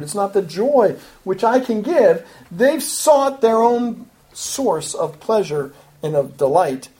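Earnest preacher teaching verse by verse. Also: a little mellow. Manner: earnest, emphatic, rises in pitch and volume when stressing a point; talks in repeating, back-and-forth phrases with small restarts. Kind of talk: expository Bible teaching.

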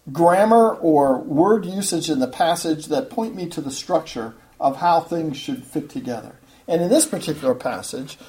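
A man's voice: fairly high pitch, mellow. A man pastor preaching a sermon in an earnest, conversational way, after reading scripture and praying.

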